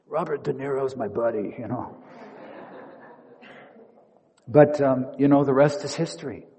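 A man preaches to fellow pastors, telling stories and acting out inner dialogue, one moment hushed and the next loud. His voice is dark and mellow, mid-pitched, and it carries with a long echo through a large sanctuary. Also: brisk. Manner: storytelling, acting out inner dialogue with shifting loudness. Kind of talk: sermon. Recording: long hall reverb.

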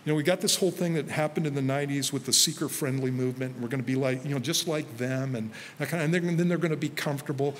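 A man, a pastor, preaching a sermon to a congregation in a relaxed, conversational way, telling stories from his own life and quoting himself. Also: medium pitch, fast, few pauses, long reverb tail, a little hiss or hum. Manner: conversational, storytelling with self-quoted asides. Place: church sanctuary before a congregation.

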